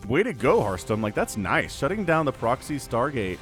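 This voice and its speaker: A man casting a video game match on his own, with energetic, playful play-by-play commentary. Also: mid-range voice, moderate pace. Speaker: esports caster. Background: faint background music.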